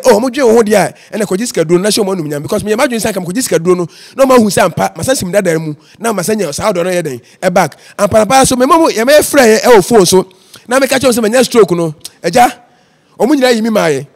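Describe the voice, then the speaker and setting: Here a Ghanaian-accented evangelist shares his life story in a casual interview, his high-pitched voice carrying vocal fry. As a guest giving personal testimony, he mixes English phrases into what he says.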